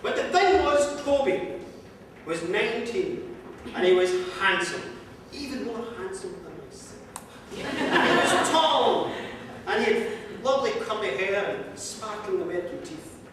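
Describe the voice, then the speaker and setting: High-pitched guy spinning a funny folk story, dips low for jokes, roomy echoey hall, faint hiss in the back. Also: sing-song, unhurried. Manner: comic, lilting, with sudden drops to a low mutter. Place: museum hall. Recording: echoey hall, mic far off, faint noise.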